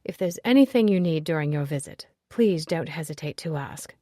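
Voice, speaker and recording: Cheery, brisk middle-aged secretary, read by a woman. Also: sits low, lively intonation, dry recording, studio quality. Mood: polite. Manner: bright, polite and brisk.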